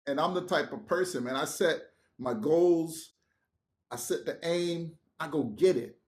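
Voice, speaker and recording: Animated man telling a work story. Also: on the high side, a little slow. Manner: animated, acts out quotes, swears, laughs. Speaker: podcast guest. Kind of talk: casual storytelling.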